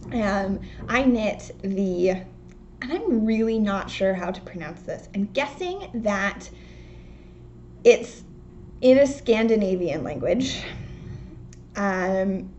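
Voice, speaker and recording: A woman's voice: mid-range voice, darkish tone, muffled recording. A young woman hosting a knitting podcast from home, chatting casually and rambling with lots of ums. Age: young adult. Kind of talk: casual chat. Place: home, indoors. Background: faint outdoor work noise.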